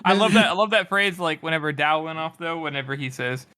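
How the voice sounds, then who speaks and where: A man's voice: fairly high pitch, fast talker, bright, forceful tone. A young man co-hosting a casual book podcast, joking and enthusiastic. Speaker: podcast co-host.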